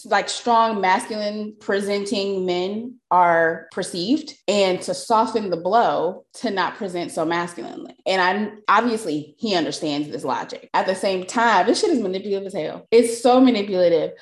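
A woman's voice: medium pitch, normal speed, hardly any pauses. A woman co-hosting a casual podcast who talks in a thoughtful, reflective and candid way. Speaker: podcast co-host. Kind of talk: casual chat. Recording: roomy echo.

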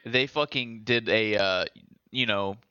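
A young adult man co-hosting a casual chat, animated, quick to laugh and often swearing. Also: fairly low pitch, clear, resonant tone, no room sound, highs cut off. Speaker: podcast co-host.

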